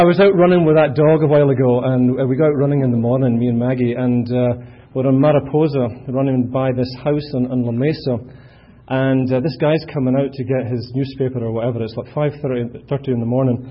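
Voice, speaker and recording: A middle-aged Scottish man shares his story with a room, rambling and self-deprecating, full of ums and asides. His voice is husky and sits in a middle register. The recording sounds dull and lo-fi. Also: medium pitch. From Scotland. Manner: chatty, self-deprecating, many fillers. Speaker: speaker at a recovery meeting. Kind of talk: personal testimony.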